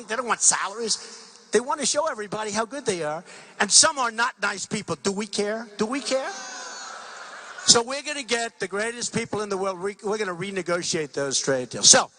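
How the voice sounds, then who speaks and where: At a large rally venue, a political candidate speaks into a podium mic, repeating himself in a rambling way and frequently acting out conversations. His high-pitched voice is expressive, brisk, and sharp, with slight background noise.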